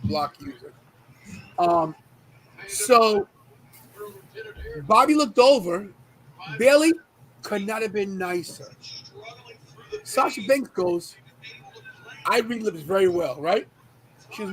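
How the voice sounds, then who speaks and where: Podcast host, man, high-pitched, animated storyteller, casual chat. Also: takes it slowly, long pauses, slight background noise, rough recording. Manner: animated, exclamatory anecdotes.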